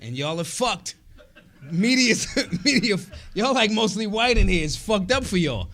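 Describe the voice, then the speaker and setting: A man giving a rousing political speech at a convention, emphatic and profane, swinging between shouted lines and low asides. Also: animated, a little slow. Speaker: convention speaker. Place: convention hall.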